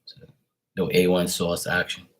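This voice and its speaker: A man with a somewhat low-pitched voice talks loosely and warmly to his viewers on a live stream. He greets people by name at an easy pace from his home. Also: monotone, moderate pace. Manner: greets viewers by name, affectionate and laid-back. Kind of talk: casual live-stream chat.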